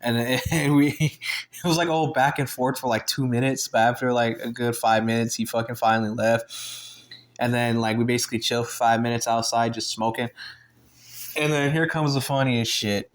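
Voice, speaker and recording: A man's voice: mid-range voice, steady tone, moderate pace. A young man telling a story in a casual vlog, profane and rambling, breaking into laughter often. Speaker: vlogger.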